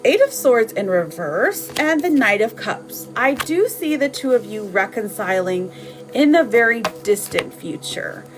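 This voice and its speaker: A woman's voice: fairly high pitch, big pitch swings, measured pace, low-quality recording. Woman, tarot reader, chatty live stream, reads comments, laughs often, music behind.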